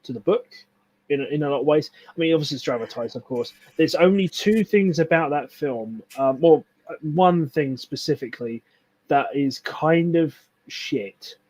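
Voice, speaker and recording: A man's voice: a little high, moderate pace, a little mellow. A young man chatting casually on a stream, rambling and swearing as he enthuses about films. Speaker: stream co-host. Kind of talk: casual chat.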